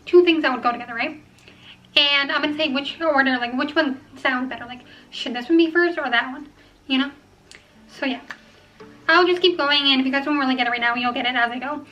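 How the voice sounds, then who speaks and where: A young woman chatting casually to camera at home, rambling and filling pauses with ums as she weighs each choice. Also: sits high, pushed and bright, highs cut off. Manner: chatty, rambling, filler-heavy. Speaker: vlogger. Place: home room.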